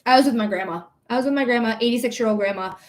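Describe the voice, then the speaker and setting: A woman's voice: fairly high pitch, racing. A young adult woman reading tarot on a livestream, ranting emphatically with repetition and swearing, then thanking viewers. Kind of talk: casual livestream chat.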